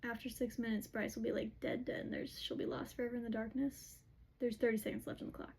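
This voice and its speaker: Woman, casual book recap, chatty, lots of "like", breathy, fairly high voice. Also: little pitch movement, quick pace, a little mellow, poor audio. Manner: chatty retelling with many "like"s, quoting characters.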